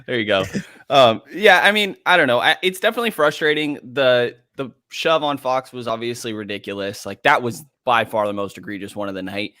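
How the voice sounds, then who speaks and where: A man's voice: medium pitch, brisk, pushed and bright, no room sound, studio quality. A man on a sports radio show, talking through the game in a casual, analytical way. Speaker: podcast host guest.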